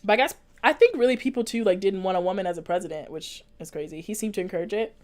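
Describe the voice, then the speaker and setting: A woman's voice: medium pitch, fast, a little mellow. A young woman talking casually and earnestly to her viewers as a vlogger, rambling with lots of fillers and restarts. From United States. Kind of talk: casual chat, reading and answering live comments.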